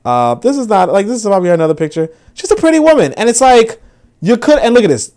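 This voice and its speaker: Animated, profane man hosting commentary. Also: high-pitched, quick pace. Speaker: podcast host. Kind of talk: casual commentary.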